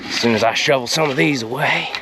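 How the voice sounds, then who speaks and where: A man hosting a comedic gardening tutorial outdoors in a folksy, drawling way, with deadpan innuendo. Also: medium pitch, fast talker, over music. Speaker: gardening show host.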